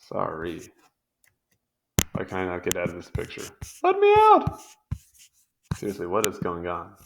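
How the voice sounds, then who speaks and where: A young man with a fairly low voice reads through an encyclopedia page in a loose, casual way. He keeps wandering off into amused side comments. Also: a bit bright, a little hiss or hum. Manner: rambling, easily sidetracked, amused asides. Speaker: video host reading a wiki article. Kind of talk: casual read-along commentary.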